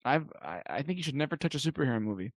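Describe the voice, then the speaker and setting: A man co-hosting a podcast in casual comedic chat, wry and sarcastic and quick to laugh. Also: mid-range voice, sing-song, no echo, clean studio sound. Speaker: podcast co-host.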